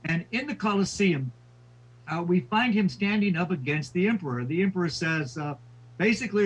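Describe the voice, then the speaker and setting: A man's voice: high voice, animated, normal speed, husky, lo-fi sound. A man lecturing on history, telling stories with frequent fillers and quoting figures. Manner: storytelling with quoted voices, frequent fillers.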